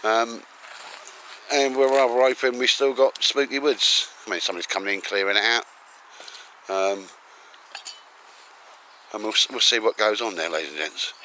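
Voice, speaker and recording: A man's voice: fairly low pitch, moderate pace, long pauses, pushed and bright, a little hiss or hum, rough recording. Jokey, rambling man in the woods. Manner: rambling, jokey, laughs often. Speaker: vlogger. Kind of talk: casual walk-and-talk vlog. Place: outdoors in woodland.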